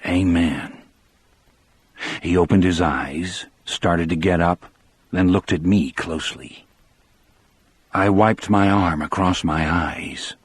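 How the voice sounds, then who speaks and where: A man narrating an audiobook in the first person with a measured, steady delivery. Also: sits low, husky, no room sound.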